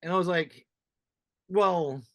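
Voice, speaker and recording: A man's voice: sits high, slow, a bit bright, no room sound. A man hosting a podcast, chatting casually in a rambling, frank way that often restarts his thoughts. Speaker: podcast host. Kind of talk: casual interview chat.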